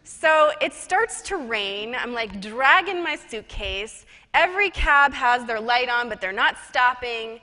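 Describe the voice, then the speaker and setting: A woman tells a personal story from a conference stage, her voice high and bright. She talks in a lively, chatty way, with the long echo of a big hall around her. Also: a little slow, hardly any pauses. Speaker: conference speaker and professional psychic.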